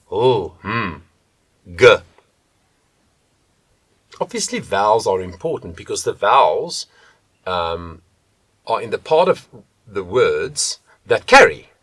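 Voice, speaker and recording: A man working as a vocal coach, teaching vocal technique to the camera and shifting between soft and loud demonstrations. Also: on the low side, no echo.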